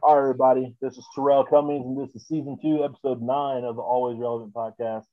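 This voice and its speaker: A man's voice: medium pitch, little pitch movement, fast talker, no echo, lo-fi sound. A man hosting a casual podcast, rambling with many fillers and restarts. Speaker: podcast host.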